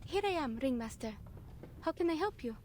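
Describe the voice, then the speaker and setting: A woman's voice: high voice, lively intonation, fairly quick, darkish tone. An actress voicing an earnest, dreamy young female circus acrobat in a game. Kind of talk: game voice acting.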